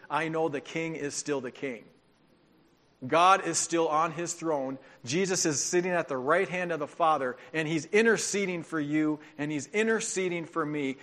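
A man preaching a sermon as pastor, telling stories with animation and dropping into soft, earnest tones. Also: a little high.

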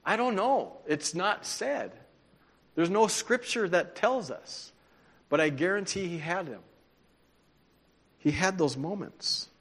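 A man preaching a sermon, telling stories in an animated, conversational way. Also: high voice, slow pace, long pauses. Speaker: pastor. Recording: long hall reverb.

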